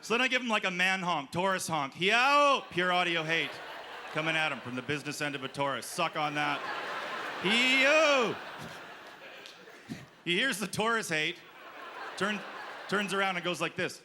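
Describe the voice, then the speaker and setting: Performing a festival stand-up set, a man narrates a story and acts out what its characters say, his voice fairly high and fairly quick. It's recorded live in a noisy club, with the audience laughing.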